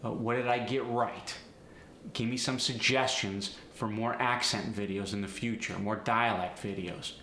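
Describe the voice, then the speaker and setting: A man leads a dialect lesson, explaining each pronunciation point in turn and speaking straight to his viewers. His voice is bright and forward. The recording has a roomy echo with a faint hiss of noise behind it. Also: fairly low pitch, steady tone. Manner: slow, deliberate demonstration of pronunciations; direct, encouraging address to viewers. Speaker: dialect coach. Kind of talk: instructional video narration. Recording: echoey room with faint noise.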